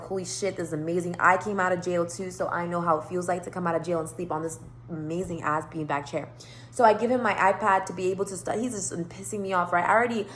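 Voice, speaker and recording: A woman's voice: fairly low pitch, a little hiss or hum. A young woman telling a storytime vlog in a casual, profane rant, acting out the people she quotes. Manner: animated, profane, acts out quoted lines. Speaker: vlogger.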